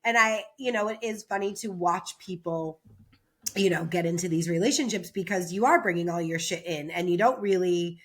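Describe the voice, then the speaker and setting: A woman's voice: lowish voice, moderate pace. A woman co-hosting a podcast, talking loosely and laughing often in casual chat. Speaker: podcast co-host.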